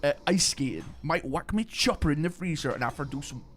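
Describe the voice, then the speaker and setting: A man's voice: on the high side, expressive, brisk, background noise, voice pushed up, lightly acted. A man voicing a crude reality-show lad in an exaggerated Geordie accent.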